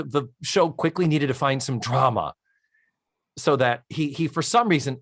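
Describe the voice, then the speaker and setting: A man co-hosting a podcast, retelling a sitcom episode with animated storytelling, acting out its lines and swearing for comic effect. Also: medium pitch, no echo, clean studio sound. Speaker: podcast co-host. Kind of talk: casual recap chat.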